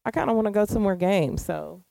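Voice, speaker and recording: A young woman co-hosting a podcast in casual chat, quick and chatty, laughing and swearing freely. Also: mid-range voice, vocal fry, warm tone. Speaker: podcast co-host.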